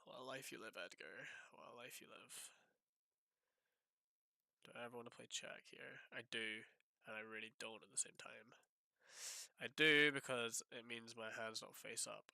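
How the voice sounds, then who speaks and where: Man, poker stream commentary, gravelly edge, sharp bright tone, exasperated, lots of swearing, dry close sound. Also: medium pitch, moderate pace, pauses often, no echo. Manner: exasperated, heavy swearing, talks to himself; animated outbursts that drop to muttering. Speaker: poker player streaming his own session. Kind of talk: live gameplay commentary.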